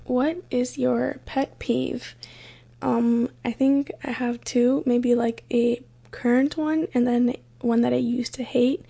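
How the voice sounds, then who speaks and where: A young woman hosts her own podcast and tells stories in a light, chatty, easygoing way. Her voice sits a little high and sounds husky and breathy, with some vocal fry at the ends of phrases. She speaks close to the mic. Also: fairly even intonation, slow, dark tone. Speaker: podcast host. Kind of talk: casual solo podcast storytelling.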